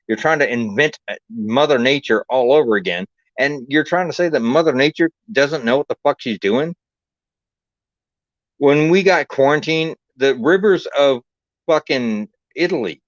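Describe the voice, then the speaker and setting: A man rants as a podcast host in heated, profane casual chat, often stumbling and restarting his sentences. His mid-range voice is a bit bright with no echo, on a dull, dry lo-fi recording.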